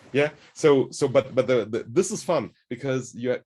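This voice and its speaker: A man hosts a conversational discussion, working through ideas in a thoughtful, searching manner. His mid-range voice is unhurried and darkish in tone.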